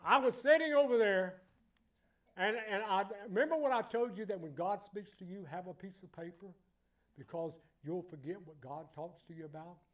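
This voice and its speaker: A man preaching a sermon in church, emphatic and repetitive, building to loud exclamations. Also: sits high, moderate pace.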